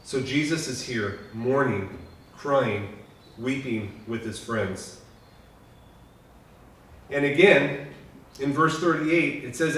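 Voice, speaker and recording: A man preaches a memorial sermon in a lodge hall, earnest and heartfelt. He swings from loud, pressing lines down to hushed ones. His voice booms around the echoey room, taken from a distance, with a faint hiss underneath. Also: takes it slowly, pauses often. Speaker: pastor.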